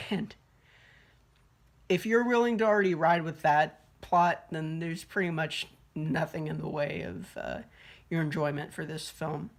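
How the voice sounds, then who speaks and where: A woman's voice: deep voice, steady tone, unhurried, vocal fry. A young woman giving a casual, rambling film review, swearing freely and full of fillers and restarts. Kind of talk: casual spoken movie review.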